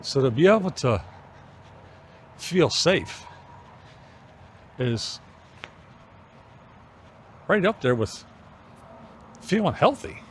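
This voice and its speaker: Middle-aged male vlogger, musing and unhurried, recorded outdoors with a faint hint of ambience. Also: mid-range voice, slight background noise. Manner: musing, unhurried, pausing between phrases. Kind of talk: reflective walking vlog chat. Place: outdoors on an evening walk.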